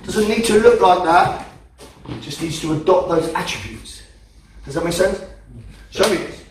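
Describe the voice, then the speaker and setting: A man's voice: sits high, animated, normal speed. A man teaching a self-defense class in a training hall, blunt and profane, driving his points home with emphasis. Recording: echoey hall from a distance.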